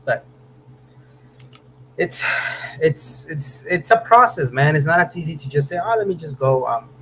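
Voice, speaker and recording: A man's voice: fairly high pitch, animated, unhurried, sharp tone, a little hiss or hum, low-quality recording. Laid-back chatty man streaming live. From Southern California. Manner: laid-back, chatty, says "man" and "bro" a lot, bursts of laughter. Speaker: host of a car channel livestream. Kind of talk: casual live-stream chat reading viewer comments. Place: home room.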